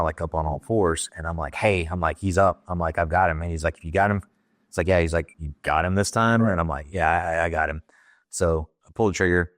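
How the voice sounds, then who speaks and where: Very deep-voiced former Marine telling a story. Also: male voice, fairly bright tone, no echo. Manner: plain, halting retelling with many fillers and quoted dialogue. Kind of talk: casual storytelling in conversation.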